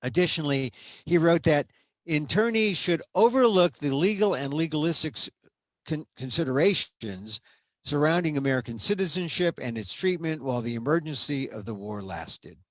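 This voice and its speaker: A man reading aloud from a history book, measured and steady, stopping now and then for casual asides and small restarts. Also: on the high side, no room sound.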